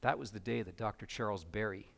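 A man's voice: fairly low pitch, brisk, gravelly, a bit bright. Male pastor, earnest sermon delivery, swells to emphatic passages.

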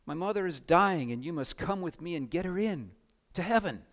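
Anxious little girl, urgent and pleading, pitched high, a male preacher doing the voice. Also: sing-song, fast, gravelly, a bit bright, heavily acted.

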